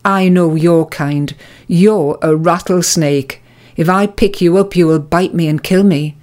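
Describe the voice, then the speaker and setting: A woman's voice: on the low side, unhurried, a little mellow, natural voice. A woman voicing a wary young man in a spoken story, refusing firmly. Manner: firm, refusing.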